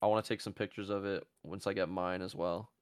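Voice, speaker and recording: A man hosting a casual comedy podcast. He rambles from joke to joke and swears freely. His voice sits low, and the recording is dry and close. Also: steady tone, brisk, clean tone, dry recording. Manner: profane, joking, rambling. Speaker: podcast host.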